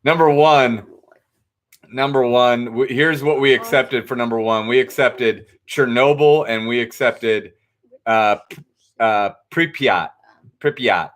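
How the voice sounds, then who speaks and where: A young man hosting a casual live trivia night, reading out answers with relaxed asides and self-corrections. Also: mid-range voice, takes it slowly.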